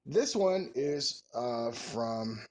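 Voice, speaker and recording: A man's voice: medium pitch, expressive, drawn-out words, darkish tone. A man in his forties chatting casually as a vlogger, answering follower questions in a joking, rambling, folksy way. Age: 40s. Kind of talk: casual Q&A chat.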